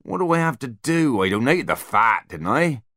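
A man's voice: medium pitch, big pitch swings, moderate pace, pushed and bright, dry recording, studio quality, pitched above the performer's own voice. A man doing a whiny dwarf convict. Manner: whining. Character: whiny, sorry-for-himself male dwarf convict.

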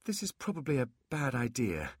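A man's voice: mid-range voice, wildly swooping pitch, moderate pace, breathy edge, no room sound, clean studio sound, pitched above the performer's own voice. A man voicing a small, timid male imp who speaks nervously. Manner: hesitant, nervous.

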